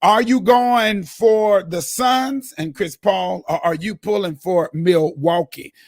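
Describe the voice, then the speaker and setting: A man hosting a casual sports talk show, excitable and chatty with lots of fillers, in a preacher-like manner. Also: sits high, slow pace, no room sound, clean studio sound. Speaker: host.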